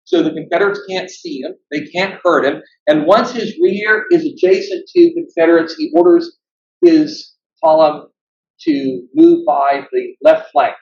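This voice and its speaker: Animated storytelling man, echoey hall. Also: a little high. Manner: animated storyteller, acts out quotes. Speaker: guest speaker. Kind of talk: history lecture. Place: meeting hall. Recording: echoey, dull lo-fi room recording.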